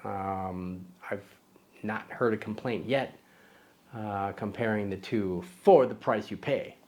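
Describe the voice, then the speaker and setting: A man with a fairly low voice hosts a photography vlog. He talks to camera in a loose, chatty way. He wanders off topic, pokes fun at himself and fills gaps with ums and uhs. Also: slow, darkish tone. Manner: chatty and self-deprecating, with many fillers and restarts. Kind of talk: casual rambling talk to camera.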